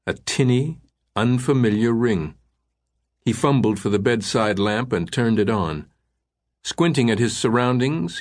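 A man narrating an audiobook thriller in a measured, suspenseful way. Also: fairly low pitch.

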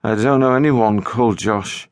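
A man's voice: mid-range voice, moderate pace, no echo, studio quality, close to an everyday voice. A man voicing a mysterious teenage boy on the phone in an audiobook, evasive and tetchy. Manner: evasive, flat insistence turning tetchy. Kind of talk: audiobook narration.

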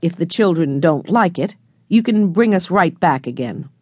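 A woman reads as a gentle storybook grandfather with a steady, reassuring way of speaking. The voice sits low and lilts up and down as he lays out the plan for the children. The sound is close and dry. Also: normal speed, dry recording. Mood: calm. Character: kindly grandfather, calm and generous.

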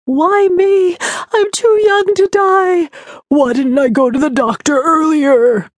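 A self-pitying female ghost who whines and sobs, as a woman narrator acts her out. Her voice climbs high and thin and sounds tearful. The sound is close and dry. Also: fairly even intonation, takes it slowly, no room sound. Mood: whiny. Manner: whining and tearful.

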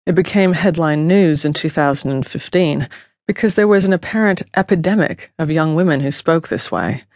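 A woman reads her own nonfiction audiobook in a steady, measured way. She is recorded on a close studio mic in a dead-dry booth with no room sound at all. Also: on the low side, dry recording. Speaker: author narrating her own book.

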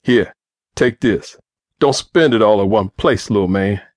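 A man's voice: lowish voice, unhurried, a little mellow, no room sound, lightly acted. A man voicing a hard-edged adult drug boss who barks profane commands. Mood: brusque.

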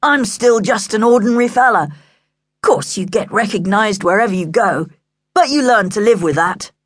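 A woman's voice: medium pitch, animated, moderate pace, breathy edge, no room sound, studio quality, pitched above the performer's own voice. A woman voicing a boastful, show-off young boy with a swaggering, self-important manner.

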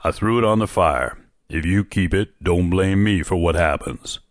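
A man doing a weary old male soldier who speaks slowly and solemnly in a deep, low voice. The warnings come out heavy and dogged, in a dry, close storybook recording. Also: dry recording, lightly acted. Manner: slow, grave and dogged.

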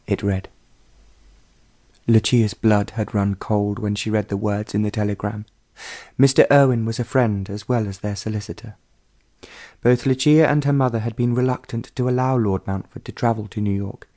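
A man giving measured scripted audiobook narration. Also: lowish voice, fairly even intonation, warm tone.

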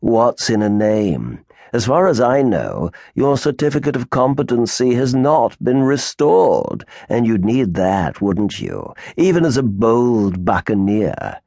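A man's voice: medium pitch, sing-song, unhurried, vocal fry, hardly any pauses, warm tone, dry recording, full character voice. A man voicing a supercilious, sneering male naval officer in an audiobook. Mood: mocking. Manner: sneering, condescending.

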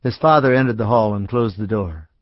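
Calm male storybook narrator. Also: fairly low pitch, fairly quick, no echo. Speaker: audiobook narrator. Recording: dry, slightly dull audiobook recording.

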